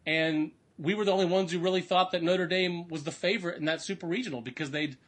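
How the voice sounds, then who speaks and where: Rambling man with a slightly high voice. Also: fast talker. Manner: rambling, many restarts and fillers. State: sick. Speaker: college baseball analyst. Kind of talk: casual podcast chat.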